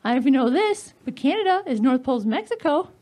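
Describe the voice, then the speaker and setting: A woman comedian doing a stand-up set of dark one-liners, giggling at her own jokes on a club stage mic. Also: sits high, big pitch swings, quick pace. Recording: live club set with audience laughter and noise.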